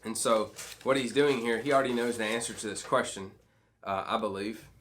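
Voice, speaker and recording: A man's voice: on the low side, fairly quick, fairly bright tone, slight background noise. A man leading a devotional for students. He reads scripture and explains it in a conversational way, often checking in with "okay?" and "right?". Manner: frequent restarts and fillers. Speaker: youth pastor. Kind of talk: midweek devotional teaching to students.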